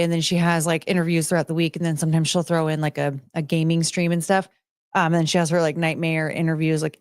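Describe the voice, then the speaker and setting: A woman's voice: lowish voice, no echo, clean studio sound. A young woman hosting a casual live stream, rambling and chatting with her viewers and greeting them by name. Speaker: livestream host.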